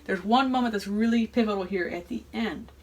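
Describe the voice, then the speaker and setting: A woman talks through a piece of music in an informal lesson, pausing to think and checking in with the listener as she goes. Her pitch sits in an ordinary middle range, and loud piano and organ music plays right under her voice. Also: low-quality recording. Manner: reflective, explains with frequent "right?" and hesitations. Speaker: music educator and host. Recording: voice over loud playing music. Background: loud choral and organ music playing underneath.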